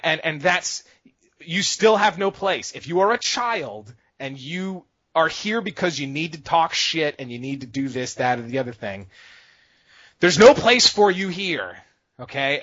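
Emphatic podcast guy, kinda high voice, dry dull lo-fi audio. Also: no echo. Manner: emphatic, lively, repeats "okay?" for emphasis. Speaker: podcast co-host. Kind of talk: casual podcast chat. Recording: dull, lo-fi sound.

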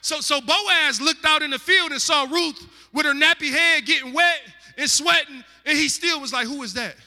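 A male preacher giving a comic, animated sermon, full of slang and shouted punchlines. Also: very high-pitched, moderate pace. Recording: echoey hall.

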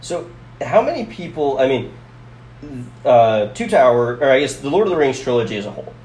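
A man's voice: medium pitch, very animated, brisk, darkish tone. A man co-hosting a casual podcast, chatty and thinking aloud. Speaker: podcast co-host. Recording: echoey room with faint hiss.

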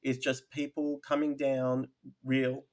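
A man's voice: mid-range voice, level tone, slow pace. A man co-hosting a podcast, speaking in a sincere, emphatic way. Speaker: podcast co-host. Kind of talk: casual chat.

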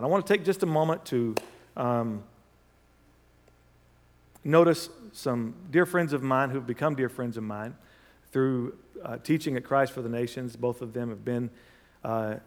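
A man preaching a sermon in a church, reading scripture with conversational asides to the congregation and leading prayer with rising fervor. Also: mid-range voice. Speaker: pastor. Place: church sanctuary. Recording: long hall reverb.

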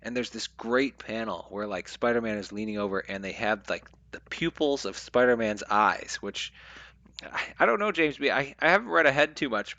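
A man's voice: mid-range voice, bright, forceful tone, no room sound. A man co-hosting a casual talk show, discussing a comic book with frequent fillers and restarts. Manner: halting, many fillers and restarts. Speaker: podcast co-host.

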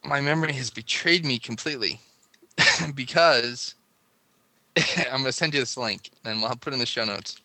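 A man's voice: mid-range voice, normal speed, pushed and bright, no room sound. A man co-hosting a podcast in casual chat, rambling and laughing as he talks. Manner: chatty, rambling, laughs often. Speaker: podcast co-host.

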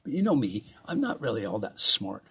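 A man's voice: fairly low pitch, very animated, a little fast, a bit bright, slightly rough. A man hosting a podcast, delivering a blunt political rant full of swearing, repeated words and mocking asides. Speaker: podcast host.

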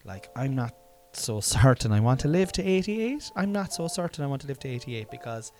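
A man's voice: mid-range voice, very animated, fairly quick, a little mellow, faint music behind. A man in his forties musing aloud in a casual, rambling monologue, self-mocking and swearing freely. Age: 40s.

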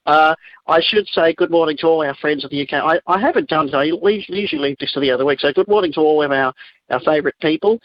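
Guy calling in from overseas, kinda high voice, dry muffled lo-fi audio, rambly jokey greetings. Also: quick pace, slight background noise. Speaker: regular co-host. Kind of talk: casual chat. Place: in Australia.

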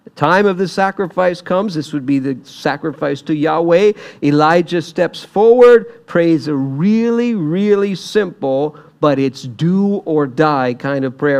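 A man's voice: measured pace, clean tone. A man preaching a sermon, retelling a scripture story and acting out the quoted lines with rising emphasis. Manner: animated, acts out quoted lines with rising pitch and volume.

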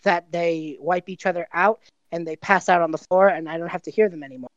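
A woman's voice: fairly low pitch, brisk, no echo, lo-fi sound, lightly acted. Casual: woman doing a tired sarcastic guy, totally done with everyone. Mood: weary. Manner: dry, exasperated asides. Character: weary sardonic man, reluctant helper.

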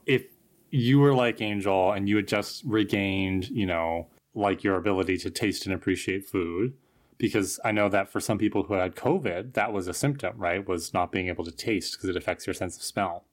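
A podcast co-host, relaxed and musing, thinking aloud in casual chat. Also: male voice, lowish voice, normal speed.

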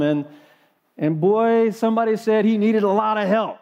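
High-voiced preacher in a ringing hall. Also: male voice, steady tone, slow, dark tone. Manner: folksy, with frequent fillers and restarts. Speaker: guest preacher. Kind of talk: sermon. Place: church.

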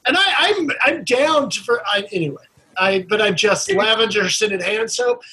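A man's voice: high voice, normal speed, sharp tone, slight background noise. A man in his thirties joking about himself in casual podcast chat. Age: 30s. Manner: self-deprecating, joking. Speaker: podcast co-host.

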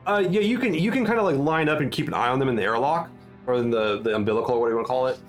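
A man narrates a tabletop game as game master, at an ordinary middle pitch. He rambles along with fillers and restarts. Faint music plays underneath. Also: racing.

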